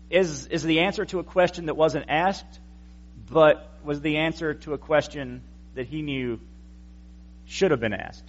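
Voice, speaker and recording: Male pastor, fairly high voice, explaining scripture in an easygoing sermon; dull, lo-fi recording. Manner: conversational teaching with wry asides to the congregation.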